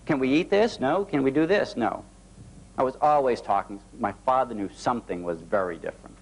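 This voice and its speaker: A man giving a motivational talk, telling personal stories in a folksy, animated way with an occasional light laugh. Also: medium pitch, a little fast, rough recording. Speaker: motivational speaker. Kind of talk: storytelling keynote talk.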